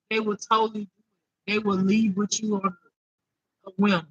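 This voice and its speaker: High-voiced man giving a spiritual reading. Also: flat delivery, moderate pace, fairly bright tone, slightly rough, no echo, muffled recording. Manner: emotional, repetitive, chatty. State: close to tears. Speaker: intuitive spiritual reader. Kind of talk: improvised spiritual reading to viewers.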